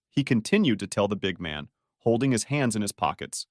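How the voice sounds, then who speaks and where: A man's voice: fairly low pitch, big pitch swings, a little fast, no echo, clean studio sound. A man narrating a story recap in a scripted, dramatic storytelling manner.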